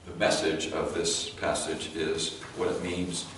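A male pastor with a Californian accent preaching a sermon in a church sanctuary, talking conversationally with halting restarts and light joking. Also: deep voice, level tone, fairly bright tone. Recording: very echoey hall, mic far off, faint noise.

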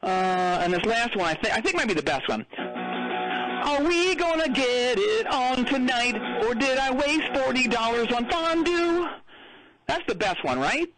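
A man doing a whiny high-pitched wannabe songwriter. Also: big pitch swings, unhurried, over music, full character voice, low-quality recording. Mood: oblivious. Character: a bumbling small-town male wannabe songwriter, oblivious. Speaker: caller. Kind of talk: comedic call-in sketch.

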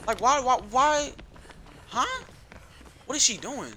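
A man giving casual live commentary over his own gameplay, excitable and easily frustrated, repeating phrases and using slang. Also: very high voice, slow, long pauses, a little hiss or hum. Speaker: gaming YouTuber.

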